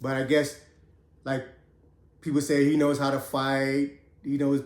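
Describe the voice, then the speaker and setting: A man telling his own prison story in a casual, profane, streetwise way, pausing often as he recounts it. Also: medium pitch, completely flat delivery, roomy sound. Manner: streetwise, profane, drawn-out pauses.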